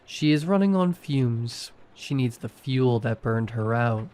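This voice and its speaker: A man voicing a tall shadow creature that speaks in a slow, droning way. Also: medium pitch, lively intonation, darkish tone, close to an everyday voice.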